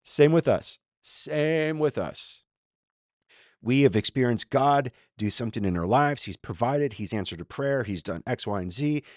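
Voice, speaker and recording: A male pastor from Minnesota giving a loose, conversational sermon. He talks in a chatty way, full of fillers and quick restarts, at a middle pitch. The sound is dry and close. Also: animated, no echo. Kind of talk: casual sermon commentary.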